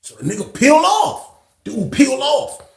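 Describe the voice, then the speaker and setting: A man tells a story in a loose, rambling way, full of slang and asides. His voice sits fairly high. The room adds a noticeable echo. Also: very animated, normal speed, vocal fry. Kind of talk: casual storytelling.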